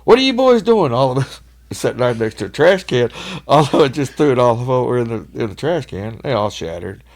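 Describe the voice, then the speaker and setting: Gravelly man, folksy and profane. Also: mid-range voice, a little fast. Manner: swearing, laughs often, folksy. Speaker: podcast guest. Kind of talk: casual storytelling.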